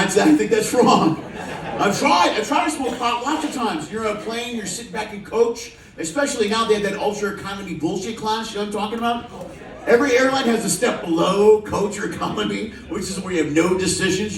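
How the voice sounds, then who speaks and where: Profane stand-up comic, high animated voice. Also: male voice, echoey room, far from the mic, background noise. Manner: profane, loose, teasing the audience. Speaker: stand-up comedian. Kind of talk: stand-up comedy with crowd work. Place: cruise ship show lounge with a live audience. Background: audience laughter.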